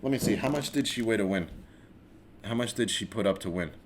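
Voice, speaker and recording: A man's voice: lowish voice, a little fast, a little hiss or hum. A man hosting a solo live-streamed podcast, ranting casually with lots of swearing, restarts and rambling asides. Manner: rambling, animated, swears freely, many restarts. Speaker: podcast host.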